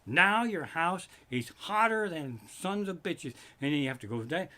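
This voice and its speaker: A man doing a profane stand-up routine from his living room, ranting in loud swearing bursts. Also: fairly high pitch, very animated, moderate pace. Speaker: stand-up comedian.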